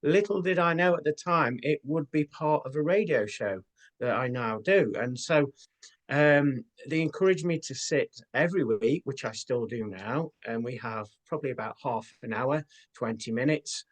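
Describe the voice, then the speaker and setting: An earnest man of ordinary pitch, talking as a guest in an interview. He tells his experiences at an unhurried pace, with plenty of ums and uhs. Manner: earnest, unhurried storytelling with fillers. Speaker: guest, spiritual medium. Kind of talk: casual interview talk.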